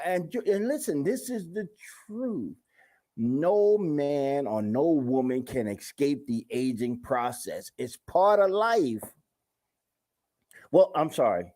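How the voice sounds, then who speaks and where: A man's voice: fairly high pitch, lively intonation, a little slow, a little mellow. A man hosting his own show, talking casually and in slang straight to his viewers. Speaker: show host. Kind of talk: casual talk-show monologue.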